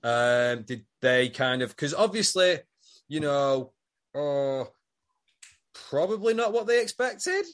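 A man's voice: fairly high pitch, lively intonation, slow pace, a bit bright. A young man in casual podcast chat, adding dry, blunt asides. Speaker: podcast co-host.

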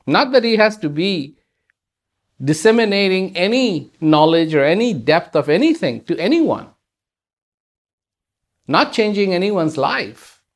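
Spiritual talk, speaks slowly, repeats words for emphasis, middle pitch. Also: big pitch swings. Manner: rhetorical questions, repetition for emphasis.

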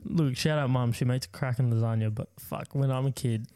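Mellow-voiced young bloke chatting. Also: male voice, medium pitch, steady tone, fairly quick, clear, resonant tone. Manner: laid-back, swearing. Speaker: podcast co-host. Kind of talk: casual chat.

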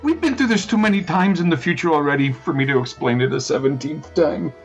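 A man's voice: expressive, vocal fry, dull audio, soft background music. A man playing a cryptic, teasing stranger in his early thirties who treats time as a strange soup. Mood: amused. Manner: slow, lofty, teasing, with swooping pitch. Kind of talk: tabletop role-play in character.

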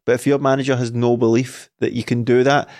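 A man's voice: mid-range voice, little pitch movement, brisk, darkish tone. A Scottish man co-hosting a football podcast, giving opinionated takes in casual chat. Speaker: podcast co-host.

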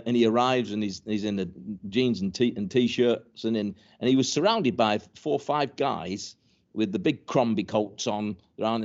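A man's voice: mid-range voice, a little mellow. An older man, a former footballer telling stories in a casual interview, stumbling and repeating words as he goes. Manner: rambling, many restarts and repeated words, chuckling. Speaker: former professional footballer guest. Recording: dull lo-fi recording.

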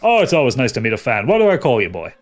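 A man's voice: medium pitch, huge pitch swings, very fast. A man voicing a smug showman impostor. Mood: flamboyant. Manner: theatrical, fawning stage patter. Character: smug male bard impostor, showy then menacing.

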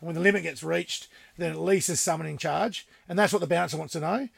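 Man, high voice, gravelly, rowdy laughing storyteller, podcast guest. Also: quick pace, no room sound. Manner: rowdy, swearing, laughing raconteur. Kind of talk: casual storytelling.

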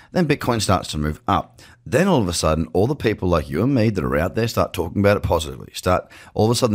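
A man hosting a crypto show, talking casually and chattily to camera from his office, with jokey asides. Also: low-pitched. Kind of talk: casual market commentary to camera. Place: home office with screens. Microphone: webcam setup.

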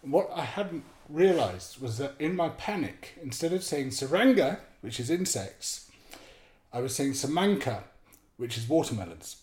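A middle-aged man telling a story casually, full of ums and hesitations, acting out moments with animated energy. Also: medium pitch, moderate pace, reverberant. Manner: animated, hesitant with many ums, acts out his own panic. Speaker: podcast guest storyteller.

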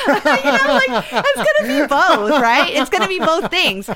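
A woman chatting as a guest about the stage show she created, rambling and animated. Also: high-pitched, moderate pace, few pauses, very noisy. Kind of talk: casual interview chat.

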